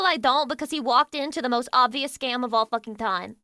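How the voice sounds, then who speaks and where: A woman's voice: on the high side, brisk, pushed and bright, no echo, clean studio sound. A woman streamer giving casual reaction commentary, sarcastic and swearing in mocking asides.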